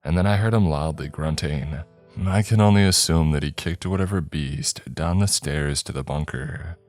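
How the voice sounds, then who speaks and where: A man narrating a horror story in a slow, measured storytelling voice. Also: rumbling low, a little mellow. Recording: dry close mic, faint background music.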